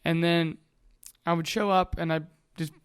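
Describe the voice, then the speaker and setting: Smooth-voiced young man, candid and rambling. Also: on the high side, steady tone, normal speed. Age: 20s. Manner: rambling and candid, swears freely. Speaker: vlogger. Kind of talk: casual motivational monologue.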